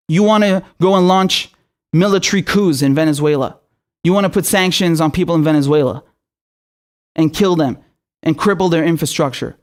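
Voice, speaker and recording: A man who is a political commentator, delivering an angry and profane rant full of rhetorical questions. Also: on the high side. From Syria.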